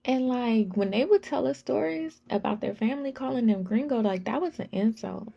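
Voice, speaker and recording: A young woman from California speaks in a high, Valley-girl-like voice. She tells stories in a loose, animated way, slipping into the voices of the people she quotes. The audio is slightly dull and lo-fi. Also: normal speed, creaky, hardly any pauses. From Southern California. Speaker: vlogger. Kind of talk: casual monologue.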